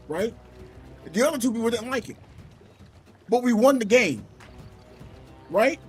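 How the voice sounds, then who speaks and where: A man streaming from home, telling a gaming story in an animated, exasperated way. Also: very high-pitched, normal speed, long pauses, faint music behind. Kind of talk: casual livestream rant.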